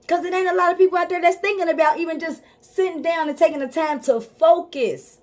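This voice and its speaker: A woman's voice: very high-pitched, fairly even intonation, a little fast, few pauses. A woman life coach giving a motivational talk straight to her viewers, emphatic and informal, repeating her key points to drive them home. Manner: speaks directly to viewers, informal.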